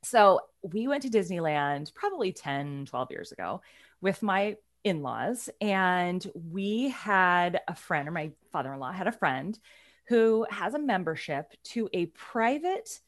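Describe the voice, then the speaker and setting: A woman in casual chat as a podcast co-host, telling a story in a chatty, animated way and often laughing. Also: lowish voice, a little slow.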